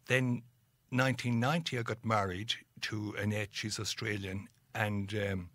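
A man's voice: on the low side, a little slow, no echo. A middle-aged Irish man, a guest on an interview, telling stories and acting out the voices of people he quotes. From Ireland. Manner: animated storyteller, acts out quoted voices. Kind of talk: storytelling interview.

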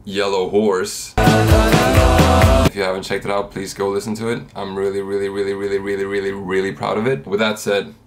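A young Swedish man with a fairly deep voice chats in a goofy, candid way while he makes a beat. Music plays loud behind him the whole time, so his voice sits on top of a busy track. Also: monotone, fairly quick. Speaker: music producer and YouTuber. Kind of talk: casual beat-making vlog.

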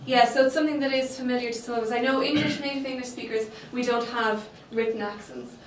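A woman's voice: on the high side, fairly even intonation, quick pace, slight background noise. A woman teaching a Spanish class, patient and explaining step by step, checking in with the students often. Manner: patient, checks understanding with frequent okay. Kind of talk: classroom lesson. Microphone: distant room microphone. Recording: echoey classroom, mic far off.

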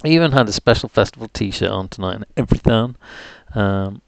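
Mild Geordie man hosting a live stream, low gravelly voice, dry close sound, joking and filling time. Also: expressive, fairly quick, dry recording. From North East England. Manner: jokey, chatty, self-deprecating rambling. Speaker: livestream host. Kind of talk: rambling live-stream chat.

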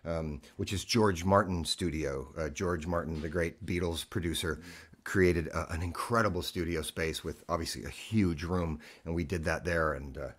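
A man's voice: low voice, normal speed, a bit bright, slightly rough. A man hosting a casual music livestream from his living room, rambling and self-mocking, with lots of fillers and restarts. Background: keyboard playing.

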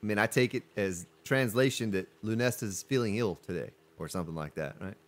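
A man with a deep voice streaming a survival game, chatting casually and greeting viewers from chat. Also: a little fast. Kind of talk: casual live-stream commentary.

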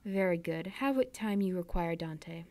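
A warm, fatherly ship owner speaks with easy encouragement, read by a woman in a storybook voice. His tone is mellow and soft rather than bright, gently pleased with the young sailor in front of him. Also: on the low side, measured pace. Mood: genial. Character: kindly middle-aged male ship owner.

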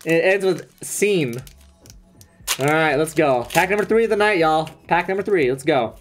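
A young man live-streaming a card pack opening, chatting excitedly with viewers and swearing casually. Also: fairly high pitch, faint music behind. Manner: excitable, swearing, quick asides to chat. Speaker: streamer opening trading cards.

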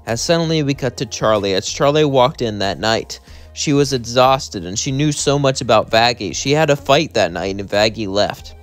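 A man narrating an improvised fan story in a loose, rambling way. His voice sits at an ordinary middle pitch, and he strings events together with repetitive phrasing. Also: expressive, moderate pace, soft background music.

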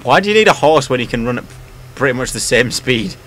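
A man's voice: medium pitch, expressive, quick pace, a bit bright, a little hiss or hum. A young man co-hosting a let's play video, bantering playfully and joking around. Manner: playful, jokes and tries out silly voices. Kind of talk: casual gaming banter.

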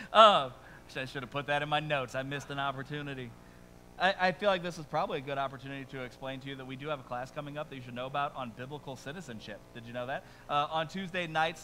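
A man preaching a sermon as pastor, conversational and animated, with quick asides and rising emphasis, speaking to a congregation in a church. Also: fairly high pitch, slight background noise, rough recording. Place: church sanctuary before a congregation.

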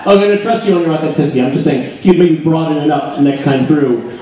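A man's voice: on the high side, quick pace, mellow, a little hiss or hum. A man joking and teasing his partner during a live comedy music show. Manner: joking, sarcastic, interrupts playfully. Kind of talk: bantering stage patter. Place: live show on a cruise ship. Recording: echoey distant live recording with music.

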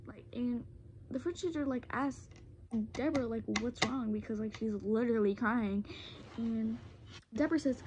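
A woman's voice: fairly high pitch, moderate pace, darkish tone, slight background noise. A teenage girl, rambling through a casual storytime vlog with lots of fillers and restarts, close to a phone camera.

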